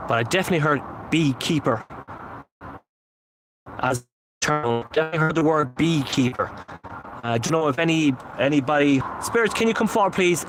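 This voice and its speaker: A man working as a paranormal investigator, alone outdoors at night, repeatedly and earnestly pleading for spirits to come forward in a ghost-hunting vlog. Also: fairly high pitch. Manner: repetitive, earnest pleading calls. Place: outdoors at night, seated on a memorial bench. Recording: outdoor recording with steady traffic noise.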